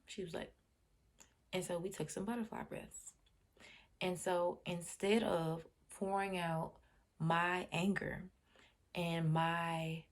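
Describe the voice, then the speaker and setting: On her own channel, this host relates a story at a relaxed, unhurried pace in a fairly low voice. Quoting her own words, she softens almost to a whisper.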